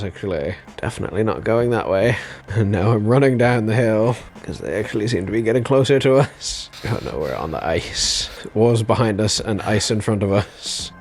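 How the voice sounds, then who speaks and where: A man's voice: lowish voice, slight background noise. A man giving casual gameplay commentary, wry and given to swearing and laughing. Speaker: game commentator.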